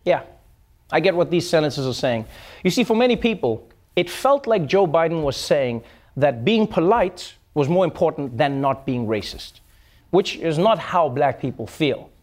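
A man's voice: fairly high pitch, expressive, moderate pace. A man hosting a comedy news show, delivering a mocking satirical monologue. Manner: mocking, puts on voices for jokes. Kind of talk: satirical late-night monologue.

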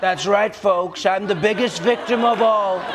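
A man's voice: high-pitched, crowd noise, noisy background. A comedian impersonating a whiny, boastful older male politician, drawing out his words. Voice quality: exaggerated whine, drawn-out words. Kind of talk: comedic impression.

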